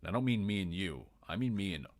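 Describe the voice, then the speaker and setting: A man's voice: low voice, lively intonation, quick pace. A man playing a stern, suspicious gatekeeper. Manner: stern, grudging warnings. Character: suspicious, curt male city gatekeeper.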